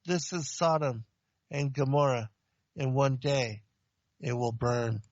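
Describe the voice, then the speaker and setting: A man's voice: mid-range voice, no room sound, highs cut off, close to an everyday voice. A man voicing a stern male angel of God who gives solemn, commanding warnings. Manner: solemn, slow, commanding pronouncements.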